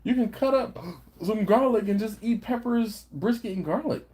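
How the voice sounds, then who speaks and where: A man's voice: sits high, moderate pace, warm tone, slightly rough. A man hosting a barbecue live stream, casually reading viewer comments with playful, slangy banter. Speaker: barbecue channel host.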